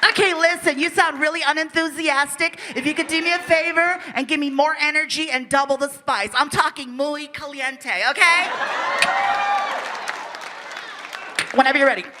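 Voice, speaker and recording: A man voicing a brisk, upbeat female cartoon director who coaxes an actor in a businesslike way. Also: extremely high pitch, crowd noise, noisy background. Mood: coaxing. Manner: chirpy, businesslike coaxing.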